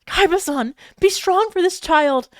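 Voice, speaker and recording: A woman voicing a brisk female hospital nurse in a fanfiction reading, urgent and coaxing. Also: very high-pitched, no echo, studio quality, pitched above the performer's own voice.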